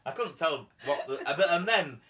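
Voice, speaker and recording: A man's voice: fairly high pitch, expressive, normal speed, fairly bright tone. A man, hosting a jokey bedroom chat, cheeky and prone to sudden squealing impressions. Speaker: comedian host. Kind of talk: comic chat in bed.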